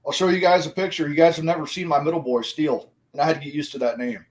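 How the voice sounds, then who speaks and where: A man's voice: on the high side, steady tone, fast. A man in his forties chatting casually to viewers on a livestream, rambling and swearing constantly. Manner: rambling, addresses viewers directly. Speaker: live streamer.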